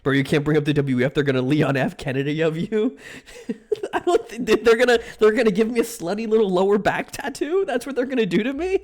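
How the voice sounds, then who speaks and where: A man's voice: high-pitched, fairly quick. A young man streaming live, chatting casually with his viewers, rambling, joking and swearing freely. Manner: rambling, excitable, swears a lot, jokes to chat.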